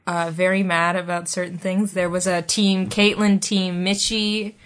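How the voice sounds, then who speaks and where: A woman's voice: lowish voice, little pitch movement, measured pace. Chatty woman hosting a podcast. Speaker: podcast host. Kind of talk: casual chat.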